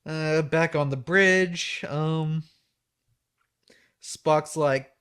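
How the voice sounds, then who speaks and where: A man's voice: a little high, fairly even intonation, extremely slow, long pauses, fairly bright tone, clean tone. A man hosting a podcast, recapping an episode in a loose, joking way. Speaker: podcast host.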